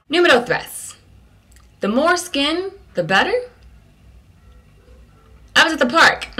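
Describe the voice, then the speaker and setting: A woman from California rants through her vlog in slangy, comic bursts. Her voice swings widely in pitch and jumps to sudden high exclamations. The tone is bright and sharp. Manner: slangy, animated storytelling with sudden high outbursts. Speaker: vlog host.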